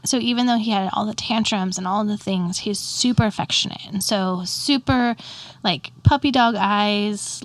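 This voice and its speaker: A woman in her forties, a mother of a teenager co-hosting a podcast, telling family stories in a relaxed chatty way with "um" and "like". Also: medium pitch, no echo. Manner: relaxed, warm-hearted storytelling with "um" and "like". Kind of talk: casual chat.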